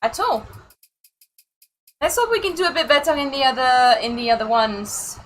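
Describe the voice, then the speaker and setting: A woman's voice: high-pitched, animated, normal speed, rough recording. A young woman streaming a rally game, chatting casually, criticizing her own driving and crying out at her mistakes. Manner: self-critical, exclaims loudly at mistakes. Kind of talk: casual gaming commentary.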